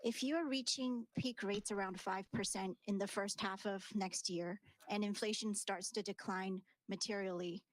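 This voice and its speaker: A woman news reporter asking a formal question at a press conference in a measured, precise way. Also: medium pitch, steady tone, low-quality recording.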